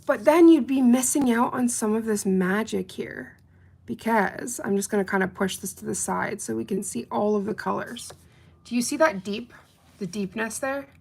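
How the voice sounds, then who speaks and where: A woman's voice: fairly high pitch, normal speed, vocal fry, darkish tone, slightly rough. A young adult woman reviewing nail polish in a casual unboxing chat, bubbly and chatty, talking straight to her viewers.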